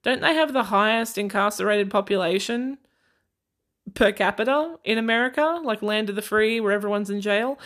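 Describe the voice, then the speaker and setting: A woman's voice: fairly high pitch, lively intonation, normal speed, a bit bright. An Australian woman hosting a podcast, talking casually on her own in a chatty, sarcastic way and laughing often. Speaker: podcast host. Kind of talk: casual solo chat.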